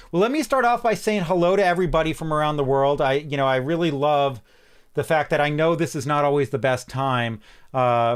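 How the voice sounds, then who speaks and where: A man hosting a casual tech livestream from his home office, chatting in a relaxed way with frequent ums and restarts. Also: medium pitch, clear, resonant tone. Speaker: livestream host.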